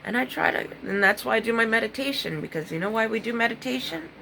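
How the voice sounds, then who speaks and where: A woman's voice: on the high side, expressive, fast talker, vocal fry, sharp tone, slight background noise, poor audio. A middle-aged woman speaking to her viewers about recovery, earnest and intense, often restarting her sentences. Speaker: recovery vlogger. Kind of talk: emotional personal talk to viewers.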